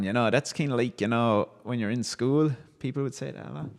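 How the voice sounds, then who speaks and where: Brisk and gravelly with few pauses, this medium-pitched livestream host sounds as if a long reverb tail follows him. He reads out viewers' comments and fires back with wry, amused banter.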